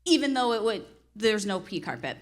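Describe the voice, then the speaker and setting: A woman in her thirties, a real estate investor, telling an animated story with laughter and acted-out quotes. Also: mid-range voice, moderate pace. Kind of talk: storytelling on a panel.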